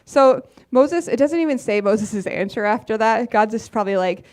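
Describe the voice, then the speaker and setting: A woman's voice: a little high, expressive, normal speed, darkish tone. Woman preacher, casual sermon, chatty, laughing, lots of fillers, church.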